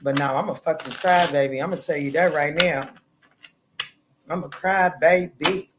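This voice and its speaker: A woman's voice: steady tone, normal speed, noisy background. Bold, profane woman tarot host. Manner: loud, bold and profane, laughing often, with sudden jumps in pitch. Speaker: tarot reader livestream host. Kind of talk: casual livestream chat.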